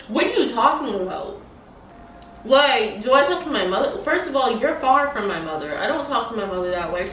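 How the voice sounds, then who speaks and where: Animated young woman telling a story. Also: medium pitch, reverberant, far from the mic, rough recording. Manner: animated, slangy, emphatic storytelling. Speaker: vlogger. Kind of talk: storytime vlog while eating.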